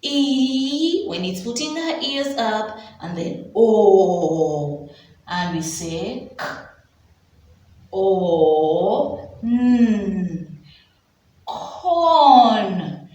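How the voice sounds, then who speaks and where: A woman's voice: mid-range voice, darkish tone, far from the mic. A woman with a Ugandan English accent, a preschool teacher telling a story to children in a phonics lesson. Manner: slow, drawn-out sounds, storytelling to children. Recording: echoey room, voice off-mic.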